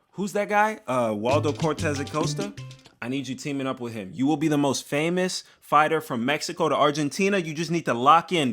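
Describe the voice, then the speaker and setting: A young man, an MMA commentator, giving an animated, jokey opinion vlog that talks straight to the fighters. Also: medium pitch. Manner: animated, hyped, jokey, addresses fighters directly.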